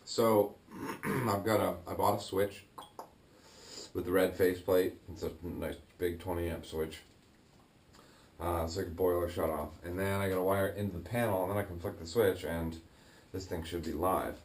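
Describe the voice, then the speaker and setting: A man talking casually as he works on his home boiler, thinking aloud with fillers and throat clearing. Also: deep voice, fairly even intonation, moderate pace. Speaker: DIY builder vlogging his project. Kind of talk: casual talk-through while working. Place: garage boiler room, indoors. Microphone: action camera.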